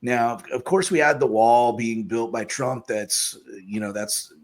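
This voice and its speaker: A man hosting a casual political talk, speaking haltingly with many fillers and restarts. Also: medium pitch.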